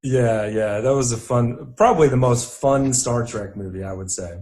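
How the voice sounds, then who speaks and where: A young man co-hosting a casual chat about favorite films, easygoing, laughing often and filling pauses with "uh". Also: medium pitch, a little mellow. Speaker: podcast co-host.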